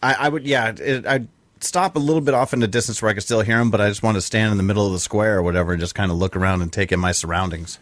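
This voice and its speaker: A man describing his character's actions in a relaxed way while playing a tabletop game. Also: on the low side, very fast, dry recording. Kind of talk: casual game chat.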